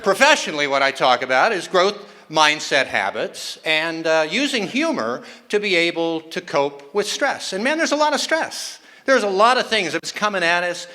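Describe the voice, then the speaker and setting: A man's voice: high voice, lively intonation, moderate pace, hardly any pauses, sharp tone. An older man performing a self-mocking stand-up comedy set on stage, acting out the voices he quotes. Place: conference hall stage with a live audience.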